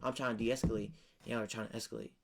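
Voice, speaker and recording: A man's voice: mid-range voice, little pitch movement, quick pace, vocal fry. A young man co-hosting a podcast, telling family stories in slangy, profane, candid casual chat. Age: young adult. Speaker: podcast co-host.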